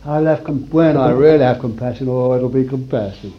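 A man preaching a sermon to a congregation in a room, swinging from loud declarations to hushed asides. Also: mid-range voice, fairly quick, highs cut off.

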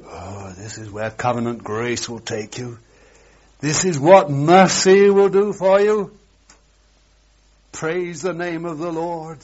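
A man's voice: a little high, takes it slowly. Dramatic preacher man, lo-fi recording. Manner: dramatic, swings from loud exclamations to hushed asides. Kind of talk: sermon. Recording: dull lo-fi sermon recording.

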